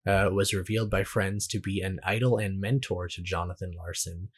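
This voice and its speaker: Husky-voiced man co-hosting a podcast. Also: sits low, fairly even intonation, moderate pace. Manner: hesitant, restarts phrases, reads trivia aloud. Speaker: podcast co-host. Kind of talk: casual movie review chat.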